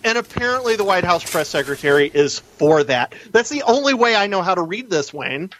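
A man calling in to a talk radio show as a guest news editor, explaining a story in an animated, argumentative way. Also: high voice, brisk, slight background noise, rough recording. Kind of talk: radio interview.

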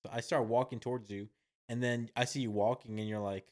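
A man's voice: medium pitch, a little fast, darkish tone. A man co-hosting a podcast, telling a story in casual, teasing chat with swearing and laughs. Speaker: podcast co-host.

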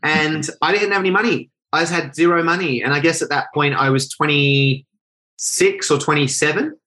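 A man tells a personal story as an interview guest. He talks in fast, lively bursts, often correcting himself mid-sentence. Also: on the high side, poor audio. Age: 20s. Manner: animated, rapid storytelling with self-corrections.

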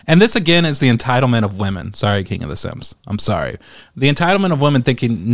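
A man's voice: mid-range voice, sing-song, quick pace, no room sound. Male commentator, casual rant, profane and exasperated, dry studio sound. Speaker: commentator reading online comments.

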